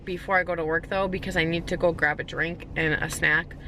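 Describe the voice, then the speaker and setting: Young woman vlogger, rattled storyteller, bright clear voice, faint background hum. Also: lowish voice, steady tone, brisk. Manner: shaken, rambling retelling with many "like"s and restarts. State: anxious. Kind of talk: storytime vlog.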